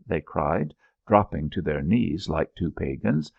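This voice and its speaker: A man narrating an audiobook in a measured, expressive storytelling manner. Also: deep voice, vocal fry, breathy edge, dry recording, narrow, tinny audio.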